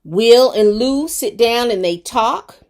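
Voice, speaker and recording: Chatty woman recapping a TV episode. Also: a little high. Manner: chatty and expressive, with terms of endearment and filler words; rapid talk. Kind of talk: casual recap chat to viewers.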